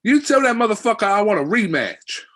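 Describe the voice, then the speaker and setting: A man putting on the voice of a brash, tough-talking male boxer who speaks loud, high and aggressive while telling a story. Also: a little slow. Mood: menacing.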